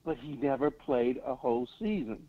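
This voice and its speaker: A man's voice: mid-range voice, expressive, normal speed. A man calling in to a sports talk show, giving blunt, confident opinions in casual chat over a phone line. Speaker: caller.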